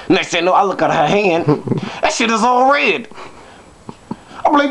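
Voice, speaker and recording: A man's voice: a little high, big pitch swings, normal speed, pauses often, fairly bright tone. A man telling a comic story to his viewers, brash and profane, full of joking asides. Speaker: vlogger.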